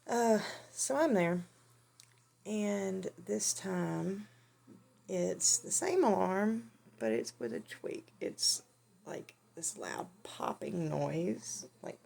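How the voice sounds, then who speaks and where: A woman telling a funny personal story in a casual, animated way, often laughing. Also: mid-range voice, drawn-out words, gravelly. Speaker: vlogger.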